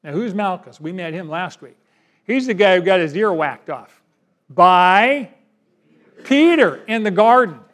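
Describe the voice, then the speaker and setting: A male pastor delivering a sermon. He talks in a folksy, conversational way, and his voice sits fairly high. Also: lively intonation, unhurried, a bit bright. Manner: folksy, conversational preaching with acted asides.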